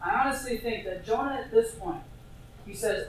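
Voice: mid-range voice, moderate pace. A preacher giving a casual, conversational sermon, full of fillers and asides to the congregation. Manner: chatty, with many fillers and asides to the audience. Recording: very echoey, distant, faint hiss.

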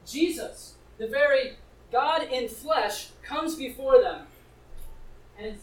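High-voiced male preacher in an echoey room. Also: slow, fairly bright tone. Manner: conversational, asks listeners direct questions. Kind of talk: sermon reading and explaining scripture. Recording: echoey room, distant mic.

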